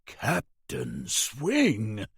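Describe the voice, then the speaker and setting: A man's voice: lowish voice, lively intonation, unhurried, vocal fry, bright, forceful tone, dry recording, clean studio sound, heavily acted. A man voicing a blustering, cowardly rich man. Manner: angry, demanding bluster. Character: blustering, cowardly wealthy man who turns frightened.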